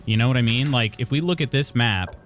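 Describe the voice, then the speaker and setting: A man's voice: mid-range voice, fairly quick, slight background noise. A man from Illinois casually chatting while streaming a video game, reading chat aloud and laughing often.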